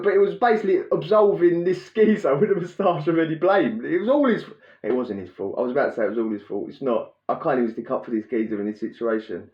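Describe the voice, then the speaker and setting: Animated man. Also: a little high, fast talker. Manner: animated, laughing, acts out scenes with sound effects. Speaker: podcast host telling prison stories. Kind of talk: casual storytelling. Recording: roomy, dull lo-fi sound.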